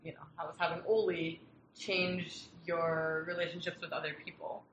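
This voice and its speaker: An interviewer asking gentle, soft-spoken questions in a casual conversation. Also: medium pitch, little pitch movement, moderate pace, roomy sound, lo-fi sound, slight background noise.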